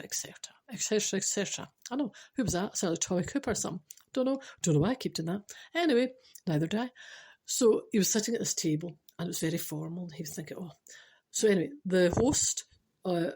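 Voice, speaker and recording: A woman's voice: mid-range voice, a little mellow, breathy edge. A Scottish woman telling a story casually to an audience, chatty with rambling asides and laughs at herself. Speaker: storyteller host.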